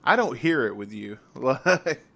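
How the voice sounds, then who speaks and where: A man's voice: mid-range voice, animated, unhurried, gravelly, bright, forceful tone. A man from the southern United States co-hosts a podcast in a mid-range voice. He chats loosely and laughs a lot. He often stumbles and repeats words as he talks. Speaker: podcast co-host. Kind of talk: casual chat.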